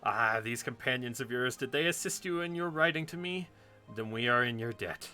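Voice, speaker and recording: A man's voice: medium pitch, normal speed, bright, forceful tone, soft background music, lightly acted. A man voicing a devoted young suitor who speaks in formal, archaic phrasing. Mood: tender.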